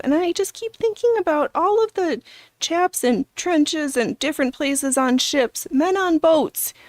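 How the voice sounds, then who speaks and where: A middle-aged woman hosts a relaxed livestream, talking unhurriedly and at length as she chats with her viewers. Her voice sits a little high, and now and then she drops into soft whispered asides. The sound is close and dry, with no room echo. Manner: rambling, chatty, reads and answers viewer chat; slow, drawn-out talk with soft whispered asides. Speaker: livestream host. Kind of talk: casual livestream chat while sewing.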